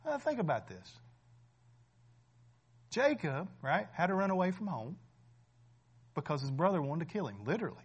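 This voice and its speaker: Male preacher, forties, high-ish voice, chatty delivery that builds to emphatic peaks. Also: very animated, normal speed, pauses often, slightly rough. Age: 40s. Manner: conversational preaching with frequent "right?", swelling to loud emphatic peaks. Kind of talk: sermon.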